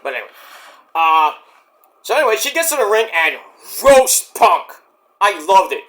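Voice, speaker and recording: A man recapping a wrestling show in a casual, rambling vlog, cracking crude jokes and doing quick impressions. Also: high voice, sing-song, a bit bright.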